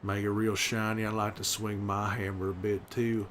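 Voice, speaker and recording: A man playing a gruff middle-aged male survivor, bantering and swearing in an in-character livestream. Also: lowish voice, little pitch movement, moderate pace, a bit bright, slight background noise, lightly acted. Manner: gruff, swearing, teasing chat. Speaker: streamer in character.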